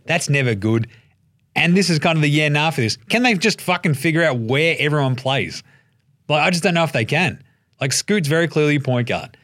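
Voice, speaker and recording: An Australian man hosting a solo sports podcast, swearing freely and joking, acting out other people's lines in quick put-on voices. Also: mid-range voice, fairly bright tone, no room sound, clean studio sound. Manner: profane, jokey, acts out quoted voices. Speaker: podcast host.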